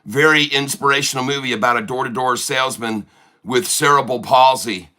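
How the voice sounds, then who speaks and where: A man's voice: medium pitch, a little fast, pushed and bright. A man from Michigan hosting a casual stock-trading livestream, joking, rambling and laughing often.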